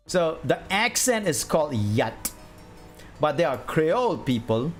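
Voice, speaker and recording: A man's voice: on the high side, sing-song, a little slow, faint music behind. A middle-aged man streaming while he draws. He chats casually, reads chat aloud and laughs often. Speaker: art streamer.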